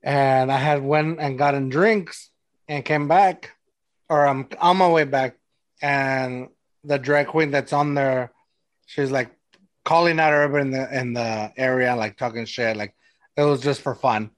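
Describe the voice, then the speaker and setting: A man's voice: mid-range voice, fairly even intonation, measured pace, no room sound. A man hosting a podcast, telling stories in a rambling, casual way full of "like". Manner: rambling storyteller, lots of "like". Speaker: podcast host. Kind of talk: casual chat.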